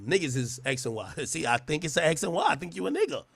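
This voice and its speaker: A man's voice: fairly high pitch, wildly swooping pitch, quick pace, vocal fry, breathy edge, no echo. A man delivering a profane, mocking roast rant, often stammering and restarting his words. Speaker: internet personality. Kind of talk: trash-talking roast rant.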